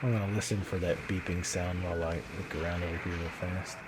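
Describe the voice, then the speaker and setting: A man's voice: low voice, flat delivery, quick pace, very noisy. A man chatting casually as he plays a video game, musing aloud and laughing often. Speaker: gameplay video host. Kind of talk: casual gameplay commentary.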